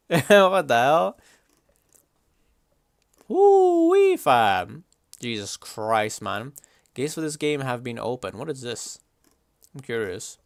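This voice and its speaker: A young man livestreaming, chatting casually and reacting to chat in a slangy, animated way. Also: mid-range voice, slow, creaky, no room sound, clean studio sound.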